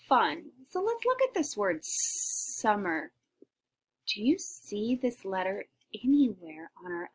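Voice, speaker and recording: A woman teacher leading a shared reading lesson for young children, sounding out letters slowly and often dropping to a whisper, encouraging and animated. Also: fairly high pitch. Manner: animated, encouraging, with gasps of discovery.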